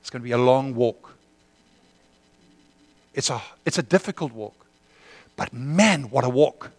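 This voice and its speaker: A man preaching a sermon, moving between impassioned prayer and a quiet, earnest appeal to the congregation. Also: medium pitch, lively intonation, measured pace, no echo. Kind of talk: sermon with prayer and altar call.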